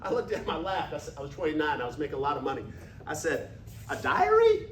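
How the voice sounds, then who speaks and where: A high-voiced man in his fifties gives a folksy, energetic motivational talk. He is heard from far off in an echoey meeting room. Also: rapid-fire, slight background noise. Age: 50s. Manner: energetic, folksy, leads audience call-and-response. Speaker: business speaker.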